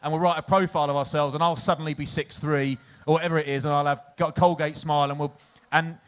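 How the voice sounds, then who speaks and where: A man from England with a slightly higher voice spins a rambling anecdote for a live crowd. He is loose and chatty and laughs at his own stories. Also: little pitch movement, quick pace, clean tone. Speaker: podcast co-host, former rugby player. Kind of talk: casual anecdote-telling before a live audience.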